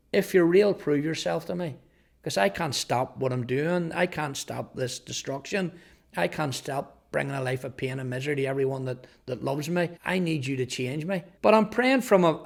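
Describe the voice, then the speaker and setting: Gravelly-voiced man giving testimony. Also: a little high. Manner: earnest, often repeats words as he speaks. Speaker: testimony speaker. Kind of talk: personal testimony storytelling.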